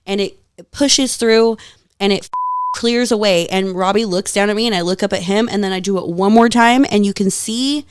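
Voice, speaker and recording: A woman guest on a podcast, telling stories in a lively, casual way, swearing freely and laughing often. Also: mid-range voice, normal speed, a little hiss or hum. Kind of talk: casual storytelling chat.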